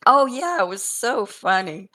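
Her voice on the high side and her pace measured, an older woman animatedly tells funny grandchild stories in casual conversation, laughing a lot and repeating words.

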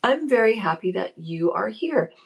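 A woman hosting a live show as a spiritual psychology practitioner, chatting casually, greeting listeners by name and reading their comments, with a gravelly voice. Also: medium pitch, very animated, normal speed. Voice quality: gravelly morning voice.

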